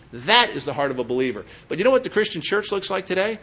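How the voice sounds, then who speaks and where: A man's voice: on the high side, lively intonation, fast, hardly any pauses, bright, forceful tone. A middle-aged man preaching a sermon in a church, emphatic and quizzing his listeners with questions. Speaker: pastor.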